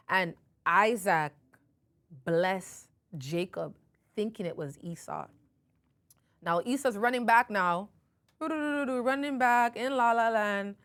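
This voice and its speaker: A woman's voice: mid-range voice, slow, fairly bright tone. Casual woman host retelling a Bible story. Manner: conversational, self-correcting, emphatic. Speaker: podcast host.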